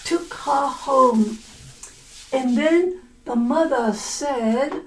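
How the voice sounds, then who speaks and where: A woman's voice: on the high side, slow pace, darkish tone, poor audio. A woman teacher telling a folk tale to language learners, repeating words and explaining them in simple terms. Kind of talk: story-listening lesson, retelling a folk tale.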